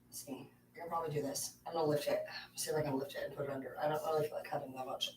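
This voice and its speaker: A woman's voice: sits low, fairly even intonation, racing, a little mellow, slight background noise. Woman, casual vlog chat, playful and profane, talks to her pets, roomy echo, set back from the mic. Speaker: vlogger. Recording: echoey room, distant mic.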